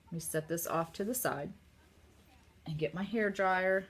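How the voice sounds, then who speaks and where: At her home craft table, a woman demonstrates card making in a casual tutorial, speaking directly to viewers in a chatty, upbeat way. A sore throat makes her rather low voice a little rough, and she keeps a measured pace. Background noise is audible.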